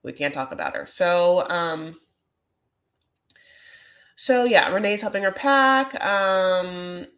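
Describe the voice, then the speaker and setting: A woman's voice: fairly low pitch, expressive, takes it slowly, long pauses, a bit bright. A woman hosting a reality TV recap, chatting casually in a gossipy, rambling way full of fillers. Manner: gossipy, rambling, lots of "like" and "you know".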